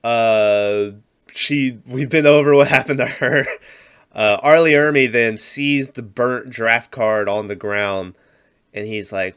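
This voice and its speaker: A man's voice: medium pitch, fairly even intonation, takes it slowly, a bit bright, clear, resonant tone. A man co-hosting a podcast, casually recapping a movie, rambling and laughing often. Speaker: podcast co-host.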